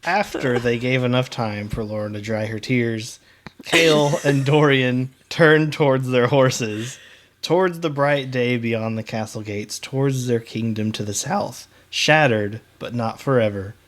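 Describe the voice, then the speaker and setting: A man in a relaxed book club chat, tossing out wry jokes between the book talk. His voice sits at an everyday mid pitch for a man. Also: unhurried. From United States. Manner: wry, joking asides. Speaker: podcast co-host.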